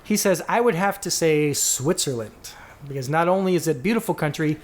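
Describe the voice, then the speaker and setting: On the high side and animated, this man's voice moves a little fast. He's a podcast co-host who chats loosely, rambles, corrects himself midstream, and reads aloud answers sent in by listeners.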